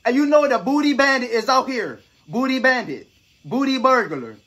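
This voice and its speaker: A man's voice: very high-pitched, lively intonation, moderate pace, sharp tone. A young man doing goofy, riffing commentary while playing a horror game. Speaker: gaming YouTuber. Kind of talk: comedic let's play commentary.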